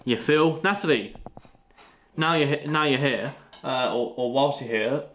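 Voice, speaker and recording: A man's voice: mid-range voice, measured pace, fairly bright tone. A young man vlogging about fitness training in a loose, off-the-cuff way. He rambles through his points with plenty of fillers and throws in casual swearing. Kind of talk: casual vlog talk to camera.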